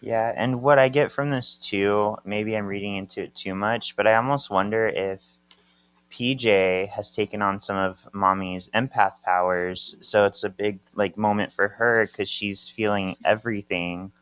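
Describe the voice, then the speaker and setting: Relaxed low-voiced male co-host, dry sound. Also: a little slow, clear, resonant tone, no room sound. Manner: relaxed, thoughtful, hedging. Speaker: podcast co-host. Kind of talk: casual chat, retelling a comic.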